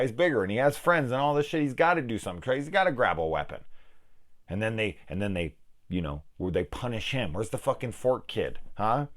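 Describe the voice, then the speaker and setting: A man hosting a film review channel, angrily ranting through a profane spoiler discussion. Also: on the low side.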